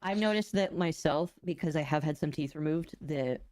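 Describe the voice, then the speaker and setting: Low-voiced woman co-host. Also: normal speed, a little mellow, no room sound, studio quality. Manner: wry, joking asides. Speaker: podcast co-host. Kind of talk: reaction commentary.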